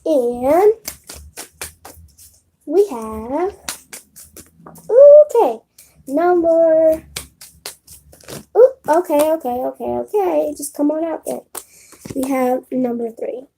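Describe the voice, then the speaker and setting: A woman's voice: high voice, expressive, very slow, gravelly, pauses often, dark tone, slight background noise. A woman doing a casual live stream on her phone, talking bluntly and with profanity straight to her chat. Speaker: live streamer giving readings.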